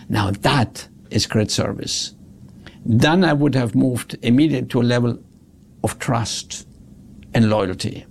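A man telling a story about customer service in an animated way. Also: mid-range voice, measured pace, gravelly, a little hiss or hum. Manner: animated, acts out quotes. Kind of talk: storytelling talk.

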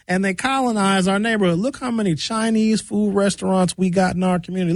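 A man with a fairly high voice rants in a mocking, opinionated monologue. The sound is dry and close, with no room around it. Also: no room sound. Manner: ranting, mocking. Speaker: commentator.

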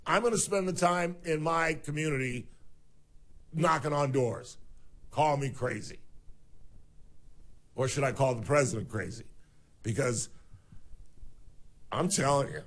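A man hosting a talk radio show, ranting sarcastically with incredulous outbursts. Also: mid-range voice. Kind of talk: opinionated talk radio monologue.

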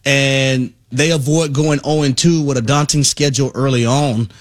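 A man co-hosting a sports talk radio show, giving analysis in a measured, emphatic way from a studio. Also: mid-range voice, steady tone, noisy background.

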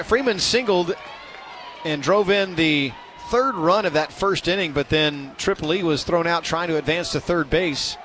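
A man's voice: a little high, slight background noise. Chatty baseball play-by-play man. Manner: chatty, self-deprecating, excitable on big plays. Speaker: play-by-play announcer.

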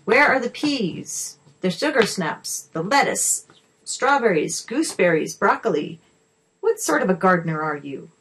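A woman's voice: on the low side, very animated, moderate pace, husky, exaggerated voice, rough recording. Woman doing a grumpy little boggart. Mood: frustrated. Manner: huffy, stamping, shouting outbursts. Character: grumpy little male boggart, easily frustrated.

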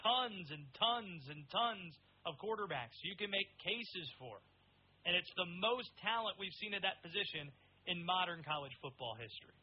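A man hosting a sports show, giving quick, opinionated commentary on players and teams. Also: high-pitched, expressive, lo-fi sound, slight background noise. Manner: quick, opinionated, conversational delivery.

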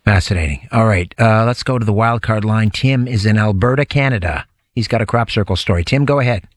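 A man hosting a talk radio show, brisk as he hands over to the next caller. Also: on the low side, dry recording. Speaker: radio host.

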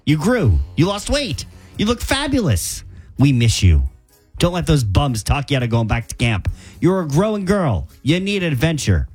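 A woman's voice: low-pitched, big pitch swings, a little mellow, breathy edge, faint music behind, voice pushed down, full character voice. A woman playing a doting, fussy mother greeting her kid in a radio comedy sketch, firing off motherly questions. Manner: gushing, motherly, rapid-fire questions.

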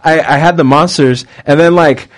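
A man's voice: a little high, moderate pace. A young man telling a story in casual chat, full of "like" fillers and restarts. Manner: rambling, lots of "like" fillers.

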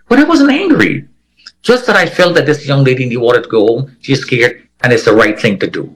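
In an interview, a man recounts a personal story in the first person, speaking briskly and expressively in a mid-range, slightly bright voice over poor audio. He vividly performs the voices of the people he quotes.

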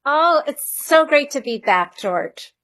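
High-voiced woman, slow and earnest. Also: lively intonation, a bit bright. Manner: earnest, reflective, explains with conviction. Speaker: author and money coach, guest. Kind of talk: radio interview.

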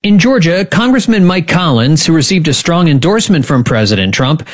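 A man delivering a scripted radio news report in a crisp reporter delivery. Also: a little high, expressive, fairly quick. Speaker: news correspondent.

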